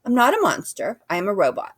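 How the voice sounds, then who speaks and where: A woman voicing a calm, polite female robot who speaks in a formal, measured way. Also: mid-range voice, slightly rough, no echo, pitched above the performer's own voice.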